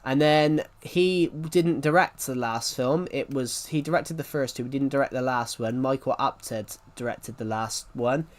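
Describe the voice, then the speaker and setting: A man's voice: mid-range voice, a little slow, hardly any pauses. A man giving casual gameplay commentary as a channel host, rambling and often repeating and correcting himself as he talks.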